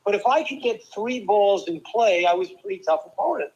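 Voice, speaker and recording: An older man from New Jersey, a former tennis player and guest, telling lively stories with quick asides and restarts. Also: high voice, lo-fi sound. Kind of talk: casual storytelling interview.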